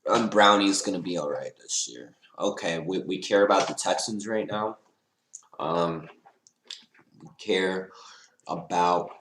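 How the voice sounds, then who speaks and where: Low-voiced young man in an echoey room. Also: slight background noise. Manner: excitable, rambling, laughs and sighs often. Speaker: fan reacting live to the draft. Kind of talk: casual live reaction commentary.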